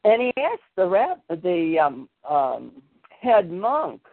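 A man's voice: high-pitched, wildly swooping pitch, slow pace, gravelly, no room sound. A man hosting a podcast in a casual chat, telling a long story full of fillers and detours. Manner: meandering, with frequent fillers. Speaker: podcast host. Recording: tinny phone-line sound.

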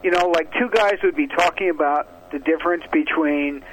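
A man who is a guest on a radio show, telling stories in a measured way. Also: fairly high pitch, very noisy.

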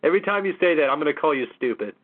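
A man's voice: a little high, lively intonation, racing. A man hosting a casual call-in show, exasperated and mocking, swearing often. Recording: tinny phone-line audio.

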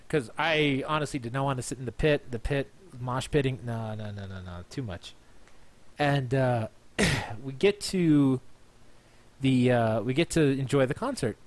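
A tipsy man hosting a podcast, telling a long story in a rambling way, repeating himself and restarting his phrases. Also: medium pitch. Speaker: podcast host. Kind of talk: casual storytelling monologue.

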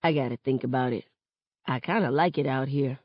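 A woman's voice: extremely low pitch, a little fast, dry recording, lo-fi sound, pitched below the performer's own voice. Woman reading as a laid-back teenage boy. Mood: easygoing. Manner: relaxed slangy speech. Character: teenage boy, easygoing and soft-spoken.

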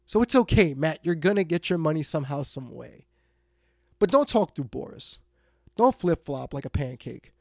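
A man ranting on his own sports talk show, blunt and exasperated, jumping from shouted demands to low muttered asides. His voice sits on the higher side for a man. The mic is close and dry, with no room sound. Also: lively intonation, normal speed, creaky, dry recording. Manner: blunt, exasperated, swings between loud outbursts and muttered asides. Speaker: sports talk radio host.

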